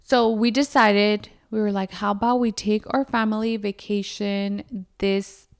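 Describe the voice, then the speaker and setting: A woman's voice: medium pitch, level tone, unhurried, clean tone. A young woman hosting a podcast, chatting casually with lots of fillers and addressing her listeners directly. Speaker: podcast host. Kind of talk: casual chat.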